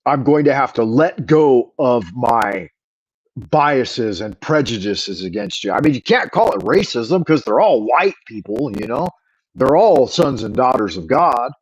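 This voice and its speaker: Unhurried and animated, with a mid-range, breathy-edged voice, a middle-aged Californian man hosts a livestream, rambling, cursing and airing strong opinions. The recording is low quality.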